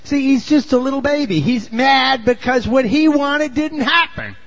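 A man's voice: normal speed, gravelly. Folksy preacher man, lo-fi sound. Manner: folksy storytelling, swinging from low asides to shouted emphasis. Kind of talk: sermon.

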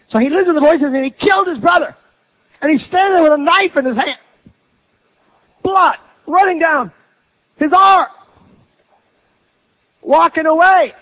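A man preaching a sermon, dramatic, swinging from loud bursts to low asides. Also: no room sound. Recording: tinny phone-like sound.

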